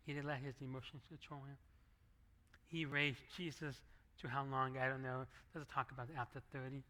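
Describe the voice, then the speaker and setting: Bright-voiced man preaching conversationally. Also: medium pitch, level tone, a little fast. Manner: conversational preaching with acted asides. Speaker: pastor. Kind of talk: sermon. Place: church sanctuary. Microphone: handheld microphone.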